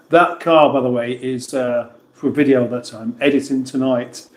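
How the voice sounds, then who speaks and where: A man's voice: mid-range voice, steady tone, measured pace, echoey room. A man hosting a casual livestream, reading viewers' comments aloud and answering them in a chatty, self-mocking way. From England. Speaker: livestream host reading chat.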